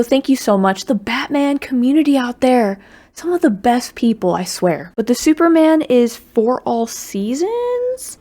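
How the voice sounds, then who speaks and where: A woman YouTuber chatting casually to camera at home, bubbly and excitable, with playful asides as she unboxes. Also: a little high. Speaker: YouTuber unboxing fan mail. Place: at home in her apartment.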